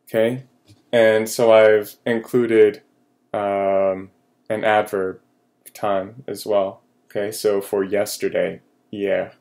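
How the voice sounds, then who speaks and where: A man teaching a recorded French lesson, slow and patient with many fillers, repeating each French phrase. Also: fairly low pitch, steady tone, creaky, darkish tone.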